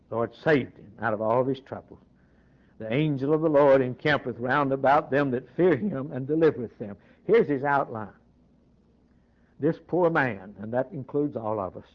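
A man preaching a sermon, repeating key phrases and swinging from loud, emphatic lines to hushed ones. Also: fairly high pitch. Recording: dull lo-fi sound.

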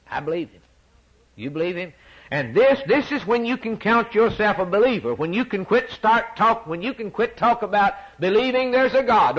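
A male preacher delivers a sermon with a fairly high voice. His pitch leaps and falls with wide, lively movement. He drops to near-whispers and then climbs back to ringing declarations, repeating phrases to drive them home. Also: normal speed, breathy edge. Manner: dramatic swings from loud to hushed, repetitive emphasis.

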